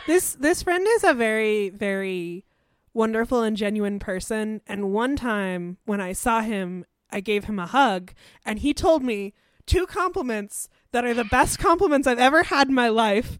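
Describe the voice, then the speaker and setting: Lively, high-voiced young woman, dry sound. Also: a little slow, clean tone, dry recording. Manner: animated, chatty, laughs while talking. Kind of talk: casual chat.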